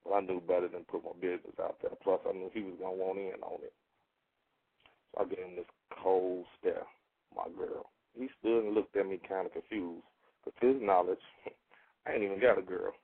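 A man's voice: sits low, flat delivery, fairly quick. A man narrating a first-person story in a laid-back, slangy way. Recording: narrow phone-like radio sound.

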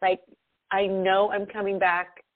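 A woman co-hosting a podcast in casual chat, expressive and laughing often, her voice swinging between loud and soft. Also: mid-range voice, a little slow, no room sound. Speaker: podcast co-host. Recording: tinny phone-like sound, dry.

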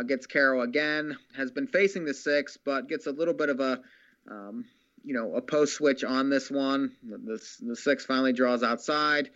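A man handicapping a harness race, laying out his analysis in a measured way with many fillers. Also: medium pitch, a bit bright, clear, resonant tone, muffled recording. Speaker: racing handicapper. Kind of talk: horse racing handicapping talk.

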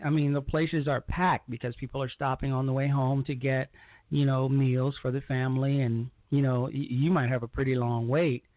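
A man's voice: mid-range voice, little pitch movement, moderate pace, dry recording. Rambling man on a tinny line. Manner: rambling, repeats words and restarts often. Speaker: broadcast host. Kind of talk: casual monologue broadcast. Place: lives in Georgia. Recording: tinny phone-like line, dry.

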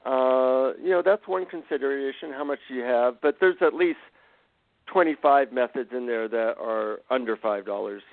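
Heard through a dry, tinny phone line without echo, a psychotherapist and author appears as a guest and spins animated, self-mocking anecdotes. His voice sits in the mid range and moves at a normal speed in this conversational storytelling.

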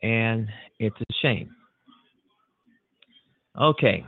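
A man's voice: lowish voice, very slow. A man hosting a talk show, earnest and rambling, with frequent repeats and fillers as he signs off. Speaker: radio talk show host. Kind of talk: closing monologue of a call-in show. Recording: dry, tinny phone-like audio.

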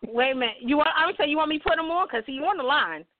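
A woman hosting a casual radio talk show, blunt and profane, telling lively stories. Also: sits high, racing, background noise. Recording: dry, tinny phone-like sound.

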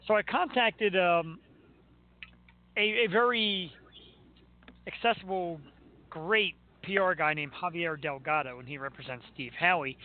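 A high-pitched man chatting casually as a radio host, spinning lively anecdotes. His voice comes through a thin, phone-like band. He keeps the banter quick and playful. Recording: tinny phone-like line.

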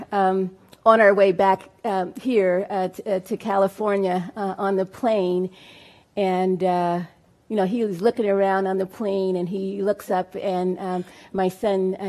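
Woman panelist, halting anecdotal delivery, lots of fillers, live event. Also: medium pitch, a little mellow. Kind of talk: storytelling to a live audience.

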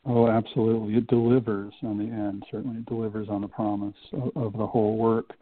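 A male radio host asking measured, careful questions with small "uh" fillers. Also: lowish voice, little pitch movement. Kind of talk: radio interview. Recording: dry phone-like narrow band.

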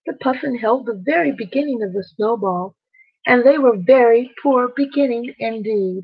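A high-voiced woman reads a bedtime story slowly and gently, talking straight to the children. Her voice is breathy, and the recording is dry and a little dull. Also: no room sound. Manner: slow, gentle, addresses children directly.

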